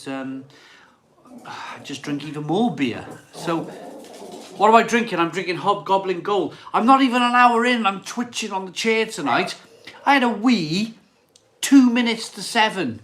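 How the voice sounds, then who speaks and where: A man hosting a beer channel live stream reads out chat comments in a casual, rambling way, repeating himself and laughing often. His voice sits on the high side with a sharp tone.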